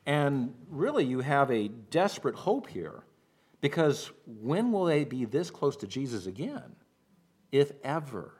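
A man preaching a sermon as pastor, walking through scripture and now and then acting out the shouting of the people in the story. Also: medium pitch, sing-song, a little slow, husky. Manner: expository preaching, acts out shouted quotes.

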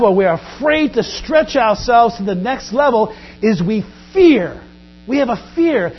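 A man preaching a sermon in a church, swinging widely between loud and quiet. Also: breathy edge. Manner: preaches with big swings in pitch and loudness. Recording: dull lo-fi recording with mains hum.

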